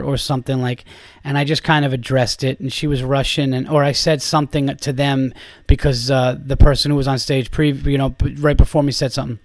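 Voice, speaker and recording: A man's voice: medium pitch, no room sound. Rambling, profane male comedian. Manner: rambling and profane, lots of fillers. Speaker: podcast host and comedian. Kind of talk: casual storytelling.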